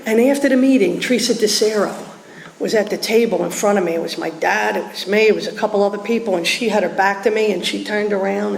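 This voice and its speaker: A woman giving a lively personal testimony at a recovery meeting, acting out the voices of people in her story. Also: medium pitch, creaky, a little hiss or hum. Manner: animated storytelling, acts out voices. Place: meeting hall. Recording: echoey hall recording.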